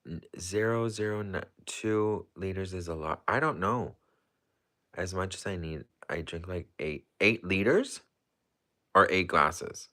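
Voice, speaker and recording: Chatty low-voiced man reading live comments. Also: unhurried, sharp tone. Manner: chatty and rambling, heavy with fillers and restarts. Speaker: livestream host. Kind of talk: casual livestream chat, answering viewer comments.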